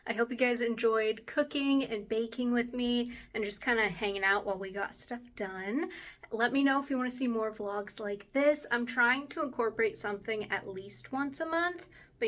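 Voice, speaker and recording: A woman's voice: on the high side, fairly bright tone. A woman vlogger chatting casually to camera while baking in her home kitchen, rambling and laughing often.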